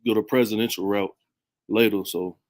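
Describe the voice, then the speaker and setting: A man in casual chat on a remote call, measured and hesitant, with fillers. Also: fairly low pitch, steady tone, no echo. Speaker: podcast participant.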